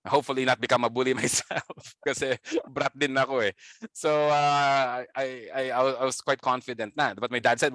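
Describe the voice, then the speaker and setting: A man's voice: mid-range voice, steady tone, moderate pace, a bit bright, no room sound. Chatty Filipino man telling stories. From Philippines. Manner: chatty, laughs often, many fillers. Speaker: guest, band founder. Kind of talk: casual interview storytelling.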